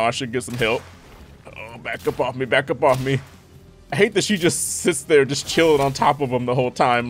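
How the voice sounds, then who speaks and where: A young man giving lively gameplay commentary, talking to the game characters with frequent exclamations. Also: medium pitch. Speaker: gaming YouTuber.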